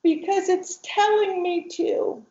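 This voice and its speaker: A woman voicing her young daughter as a weak, drowsy little girl with a high, small voice, heard in a roomy, dull-sounding recording. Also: slow, mellow, full character voice. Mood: tired, faint.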